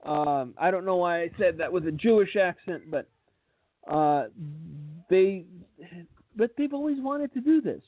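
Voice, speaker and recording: A male radio host with a high voice who speaks slowly and bluntly, with a sarcastic edge. His lines often stumble over repeated words, and the sound is dry and tinny, like a phone line. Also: animated, dry recording. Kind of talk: radio commentary.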